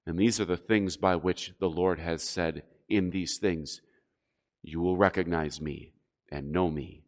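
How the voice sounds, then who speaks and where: A man's voice: deep voice, fairly even intonation, unhurried. A man preaching a sermon as a pastor, emphatic and rising and falling in force.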